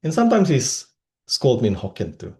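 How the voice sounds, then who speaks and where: A man's voice: medium pitch, a little fast, vocal fry. A man from Indonesia giving a humorous personal-story speech at a speaking club. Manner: animated, comic storytelling with voices.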